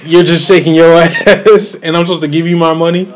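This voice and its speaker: A man's voice: on the high side, fairly even intonation, fairly quick. A man co-hosting a casual chat, blunt and profane, laughing mid-sentence. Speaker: podcast co-host.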